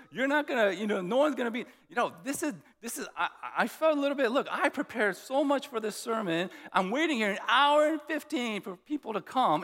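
A man's voice: sits high, fairly bright tone, in a large hall. A man preaching a sermon, telling a story and acting out both sides of conversations. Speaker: pastor.

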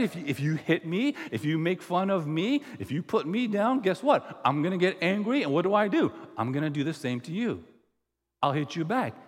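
A man's voice: high voice, big-room sound. A man preaching a sermon as pastor, emphatic and repeating phrases for weight.

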